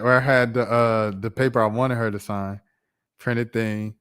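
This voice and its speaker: Animated slangy man telling a story. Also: mid-range voice, normal speed, clear, resonant tone. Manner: animated, slangy, laughing asides. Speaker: streamer host. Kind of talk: casual storytime.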